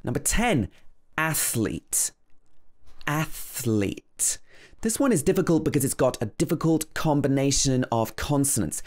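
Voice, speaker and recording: A man teaching English pronunciation, slowly and carefully repeating each word to demonstrate it. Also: mid-range voice, big pitch swings, darkish tone. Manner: slow, careful demonstration of words, repeated over and over. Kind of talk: pronunciation lesson.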